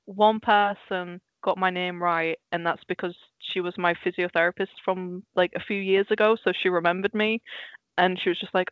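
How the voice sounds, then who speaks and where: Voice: mid-range voice, level tone, normal speed, clean tone, dry recording. A young adult from the Netherlands with a Dutch accent, chatting as a podcast co-host in a passionate, rambling way and laughing easily. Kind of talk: casual chat. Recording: dull lo-fi sound.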